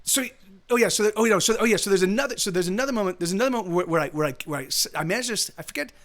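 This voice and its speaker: This time the man races along in a high, expressive voice that comes across a bit bright. He's a streamer at home spinning a long, loose story, restarting his sentences a lot and swearing.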